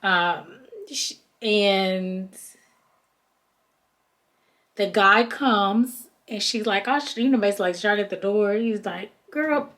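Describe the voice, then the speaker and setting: A woman's voice: medium pitch, takes it slowly, long pauses. A woman with hosts a podcast, recapping a reality show in a loose, chatty way. She keeps slipping into the voices of the people she describes. Her voice sits in a middle range. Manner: chatty and animated, acts out quoted people. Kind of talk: casual recap chat.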